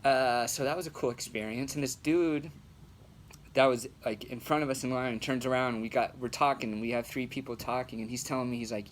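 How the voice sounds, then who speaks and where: A young man, an amateur comic, telling a story in a relaxed, slangy way with plenty of swearing. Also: medium pitch, a little fast, slight background noise. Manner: laid-back, slangy, swears freely. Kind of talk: casual storytelling.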